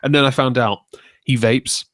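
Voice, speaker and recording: A man's voice: mid-range voice, fairly even intonation, moderate pace, fairly bright tone, no echo. A man hosting a casual stream chat, joking crudely and laughing often. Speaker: streamer host.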